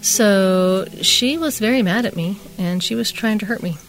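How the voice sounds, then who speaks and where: On a chat show, a middle-aged woman co-host rambles casually through a long personal story, chatting away and acting out what people said. Her voice is medium-pitched at a moderate pace, with faint music in the background.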